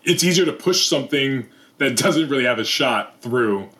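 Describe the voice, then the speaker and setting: Man with a bright, forceful voice. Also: medium pitch, expressive, normal speed. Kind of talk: casual panel chat.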